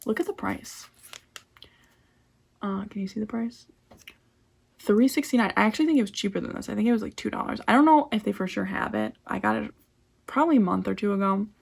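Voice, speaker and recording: A woman's voice: medium pitch, big pitch swings, brisk, creaky, long pauses, breathy edge. A young woman casually reviewing hair products in a vlog, chatty and full of "like" and "um" fillers. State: out of breath. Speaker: beauty vlogger.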